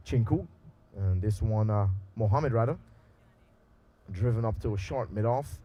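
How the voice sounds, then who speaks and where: Mellow-voiced man calling a local cricket match. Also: lowish voice. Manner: relaxed, loose delivery with frequent pauses and filler. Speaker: cricket commentator. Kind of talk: live amateur cricket commentary. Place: outdoors at a local cricket ground. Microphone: handheld mic through a loudspeaker.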